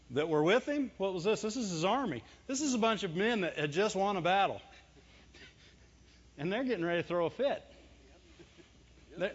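In a dull, lo-fi recording, a pastor with a high voice and a breathy edge delivers a chatty sermon, chuckling as he goes. He rapidly poses rhetorical questions and answers them himself.

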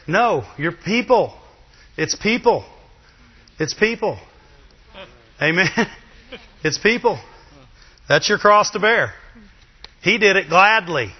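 Chatty preacher in an echoing hall. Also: male voice, sits high, measured pace, long pauses, breathy edge. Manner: lively, chatty, with asides and laughs. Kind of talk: sermon. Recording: dull, long reverb of a hall.

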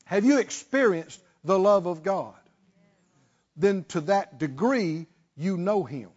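Male pastor, high and expressive voice, call-and-response preaching, muffled recording. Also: takes it slowly, husky. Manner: preaching with call-and-response, swinging from shouts to hushed tones. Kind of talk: sermon.

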